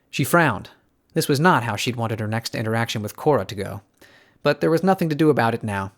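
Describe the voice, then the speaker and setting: A man reading an audiobook in an even storytelling tone with hushed tension. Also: medium pitch, brisk. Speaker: audiobook narrator. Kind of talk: scripted audiobook narration.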